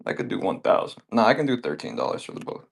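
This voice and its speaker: Creaky, lively-voiced man selling games. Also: lowish voice, fast. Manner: profane, rambling, joking. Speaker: seller on a live auction stream. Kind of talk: casual live-selling chat.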